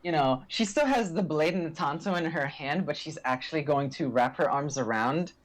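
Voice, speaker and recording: A woman's voice: deep voice, normal speed. A woman playing a tabletop game, describing her moves in a hesitant way with many fillers. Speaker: player. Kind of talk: casual tabletop play.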